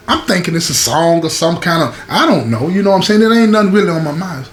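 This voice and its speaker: A man telling a story about his prison days to his viewers in a casual, animated way, often turning to them with "y'all" and "you feel me". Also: a little high, quick pace, hardly any pauses. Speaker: storyteller recounting prison life.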